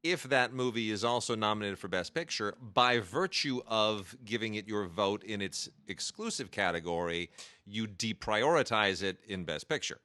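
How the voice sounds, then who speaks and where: A man hosting a casual film podcast, chatty and halting with fillers, his voice just back after being sick. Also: fairly low pitch, bright, forceful tone, dry recording. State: recovering from lost voice. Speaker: podcast host.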